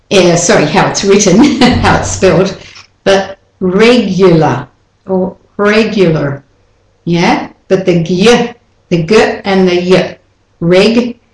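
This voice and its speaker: A woman leads a pronunciation lesson, speaking slowly and carefully as she models each word and says it again. Her voice sits a little low and sounds roomy, as if recorded in an echoey space. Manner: demonstrates words slowly, repeating them. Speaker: English accent teacher.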